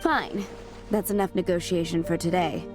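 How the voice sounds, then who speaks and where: A woman's voice: fairly low pitch, steady tone, moderate pace, natural voice. An actress voicing a haughty, condescending female diplomat in a video game. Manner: smooth, condescending. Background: game music.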